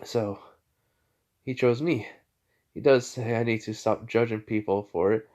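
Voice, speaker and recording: A man's voice: lowish voice, fairly even intonation, a little slow, a little mellow, natural voice. A man voicing an earnest, grateful young male mage who speaks politely. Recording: slightly muffled lo-fi audio.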